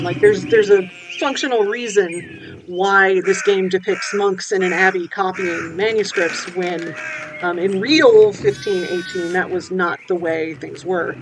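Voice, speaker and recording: A woman talks through a game in a loose, chatty way, filling her thoughts with ums and little asides. Her pitch sits in the middle. Outdoor ambience with birds is clearly heard behind her. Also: fairly even intonation, unhurried, background noise. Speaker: book historian playing a game. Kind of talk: casual commentary while playing.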